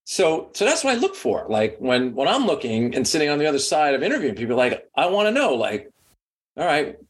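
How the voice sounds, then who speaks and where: A man's voice: fairly high pitch, fairly quick. A middle-aged man, a sports media executive, telling a story in a casual interview and filling it with "like" and "you know". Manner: rambling, heavy on "like" and "you know", lively when quoting.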